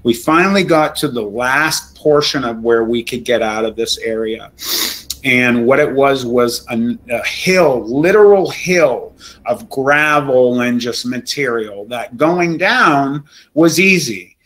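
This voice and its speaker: Appearing as an interview guest, a man recounts a frightening true encounter, his telling emotional and halting with many restarts. He sounds shaken and near tears, his mid-range voice fairly bright, and the audio quality is poor.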